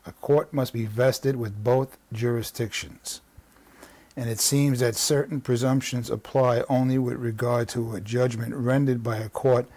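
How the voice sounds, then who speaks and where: A man's voice: mid-range voice, a little mellow, no echo. A man with a New York accent, reading out legal text and explaining it in a conversational way. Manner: conversational, with frequent restarts and asides. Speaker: legal strategy instructor.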